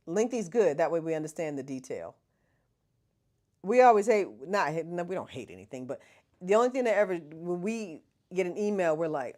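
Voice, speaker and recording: A woman's voice: lowish voice, a little mellow. A middle-aged woman, chatting casually with viewers as the host of a livestream. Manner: chatty, laughs often, talks to viewers as y'all.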